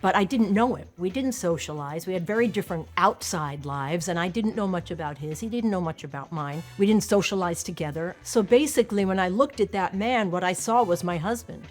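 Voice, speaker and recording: A woman from Long Island, an actress speaking candidly and conversationally in an interview, with a self-deprecating manner, on a close mic. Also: lowish voice. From Long Island, New York. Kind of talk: casual interview reflection.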